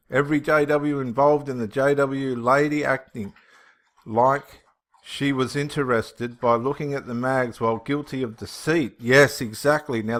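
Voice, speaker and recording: A man, a channel host reading viewer comments and answering them in an impassioned, emphatic way. He swings between loud preaching and muttering to himself. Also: medium pitch.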